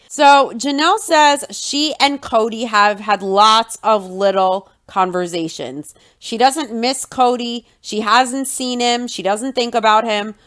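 A woman's voice: medium pitch, a bit bright. A woman hosting a podcast and recapping a reality show in a scornful, mocking way. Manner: scornful, mocks in a whiny put-on voice. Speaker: podcast host.

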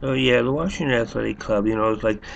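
A man's voice: mid-range voice, fast talker, gravelly, dull audio, slight background noise. A man rambling through a sarcastic monologue, full of restarts and fillers. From United States. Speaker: vlogger.

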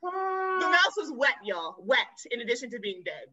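A woman zookeeper and educator, a podcast guest who tells lively, expressive stories and addresses listeners as y'all. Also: on the high side, moderate pace, lo-fi sound, heavy background noise. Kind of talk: animated storytelling.

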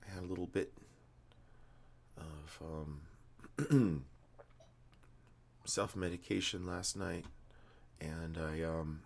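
A man in his fifties, just woken up and a bit medicated, rambling through a story with many ums and slightly slurred words. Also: sits low. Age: 50s. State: groggy and medicated, just woke up. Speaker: vlogger. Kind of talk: rambling casual monologue.

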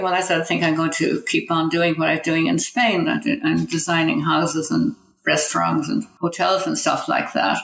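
A woman's voice: low voice, level tone, moderate pace, creaky, hardly any pauses, fairly bright tone, echoey room, low-quality recording. An older Irish woman from Ireland, a designer guest telling rambling anecdotes with restarts and laughs. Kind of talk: casual interview storytelling.

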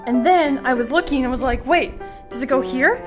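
A high-voiced woman talks to her camera in an excitable, gushing rush, piling up exclamations. She sounds like she's in a hotel room. Music plays underneath her voice. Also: a little fast. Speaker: vlogger. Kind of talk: casual vlog chat. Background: background music.

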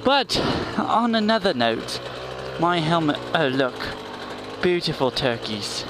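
A man's voice: on the high side, very animated, slow pace. A man vlogging on a dirt bike in a goofy, rambling, self-mocking way, talking into a helmet mic on a forest trail. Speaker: motorcycle vlogger. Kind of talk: casual riding vlog chat. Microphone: helmet intercom mic. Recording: loud motorcycle engine noise outdoors.

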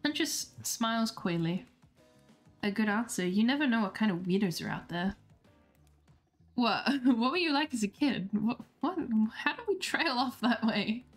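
A woman's voice: on the high side, expressive, moderate pace, faint music behind. A woman streamer reading a dating game aloud, playful and laughing, with self-deprecating asides.

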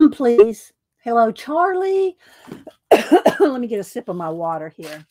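A woman hosting a casual craft livestream, chatting to viewers by name with frequent ums and throat clearing. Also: a little high, sing-song, slow, dark tone.

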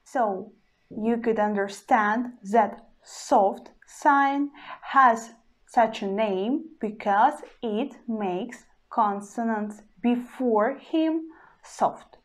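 A woman language teacher gives a very slow pronunciation lesson in a slightly high voice. She speaks deliberately, repeating example words several times, and her English phrasing is slightly non-native.

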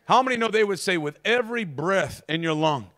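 High-voiced man preaching a fervent sermon. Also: animated, fairly quick. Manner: preaching with frequent repeats and shouted calls to the congregation. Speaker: pastor. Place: church.

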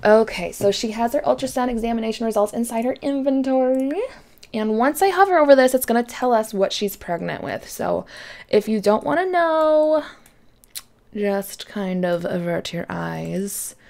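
A young woman casually chatting over her game as a YouTuber, excitable and often dropping to a whisper. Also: fairly high pitch, normal speed, gravelly. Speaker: gaming YouTuber. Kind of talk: casual let's-play commentary.

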